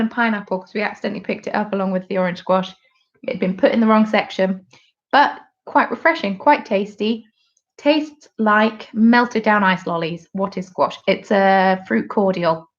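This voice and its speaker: A woman's voice: medium pitch, dull audio. Chatty woman knitting on a live stream. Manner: chatty and rambling, reading out viewer comments; knitting while she talks. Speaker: host of a knitting podcast. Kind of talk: casual live-stream chat. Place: at home.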